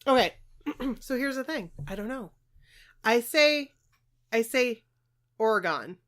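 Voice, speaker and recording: A woman's voice: high voice, slow, a bit bright. A woman co-hosting a casual podcast, joking and chatting with her friend. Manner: playful and jokey. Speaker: podcast co-host.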